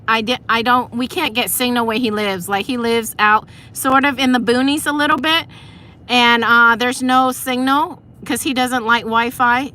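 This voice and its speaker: A high, bright woman's voice chats with her viewers on a live stream, breaking into laughter often. She talks from inside a parked car at night. Faint vehicle noise sits behind her. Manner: chatty, addresses viewers, laughs a lot.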